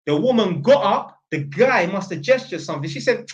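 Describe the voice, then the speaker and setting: A man's voice: on the high side, big pitch swings, fairly quick, few pauses, muffled recording. Blunt London man ranting casually. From North London. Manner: blunt, opinionated, slangy ranting. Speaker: channel host. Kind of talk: casual storytelling to camera.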